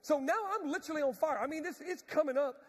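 A pastor telling a self-mocking story in a sermon, animated and laughing often. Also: male voice, very high voice, fast talker. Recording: long reverb of a large hall.

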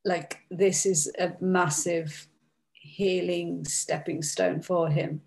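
A woman's voice: lowish voice, steady tone, takes it slowly, creaky, a little mellow. A woman from Britain talking casually as the client in a guided session. She laughs often and fills her speech with "like". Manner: laughs often, many fillers of "like". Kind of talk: casual chat.

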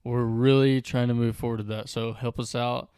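Laid-back podcast co-host, smooth voice. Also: male voice, medium pitch, little pitch movement, normal speed, a little mellow, dry recording, clean studio sound. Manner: laid-back, loose, drawling sign-off with fillers. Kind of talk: casual chat.

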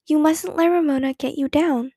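A woman's voice: sits high, steady tone, moderate pace, mellow, no room sound, clean studio sound, pitched above the performer's own voice. A woman voicing a sensible, good-humored mother in a storybook reading. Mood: fond.

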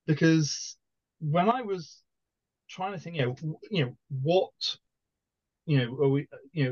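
A man co-hosting a podcast, talking through his book pick with many pauses and restarts. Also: a little high, a little mellow, dry recording, dull audio. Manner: hesitant, many fillers and restarts. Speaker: podcast co-host. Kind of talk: casual book discussion.

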